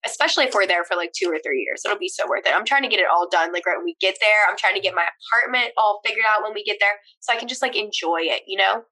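Bright-voiced young woman chatting casually. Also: mid-range voice, fast, few pauses. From Pennsylvania. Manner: chatty, filler-heavy with "like", casual swearing. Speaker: podcast co-host. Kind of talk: casual chat.

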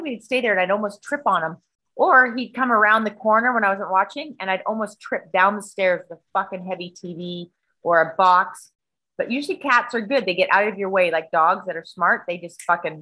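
A middle-aged woman spins a rambling story in casual conversation, swearing freely as she goes. Her voice is bright and forward. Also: fairly low pitch, poor audio. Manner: profane, rambling, animated.

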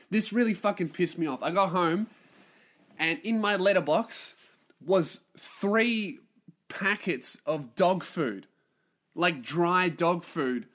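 Sweary ranting man, fairly high voice. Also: a bit bright. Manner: ranting, sweary, self-mocking. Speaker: podcast host. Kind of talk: solo podcast rant.

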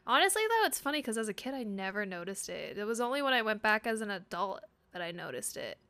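A woman's voice: medium pitch, sing-song, quick pace, bright, forceful tone. A woman co-hosting a podcast, chatting casually and animatedly, laughing easily. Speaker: podcast co-host.

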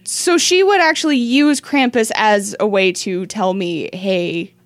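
A young woman co-hosting a casual podcast chat, animated and quick to laugh as she tells a story. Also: on the high side, dry recording. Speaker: podcast co-host.

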